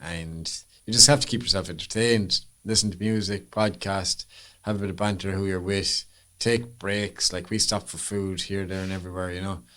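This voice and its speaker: A man's voice: deep voice, fairly even intonation, normal speed, bright, forceful tone. An Irish man co-hosting a podcast, bantering in an easygoing way and throwing in teasing asides. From Ireland. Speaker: podcast co-host. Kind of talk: casual chat.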